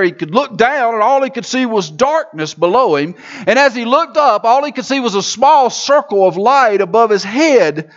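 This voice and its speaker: A man's voice: high voice, a bit bright. A man preaching a sermon in a church, with a rhythmic, repetitive, building delivery, heard on a dull recording. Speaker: pastor.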